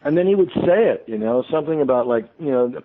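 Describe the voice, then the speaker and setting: Man, radio guest, rambling storyteller, lots of ums, mid-pitched voice, phone-line sound. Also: lively intonation, fast, background noise. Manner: rambling, full of ums and restarts. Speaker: interview guest, author. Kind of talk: anecdotal storytelling on a radio show.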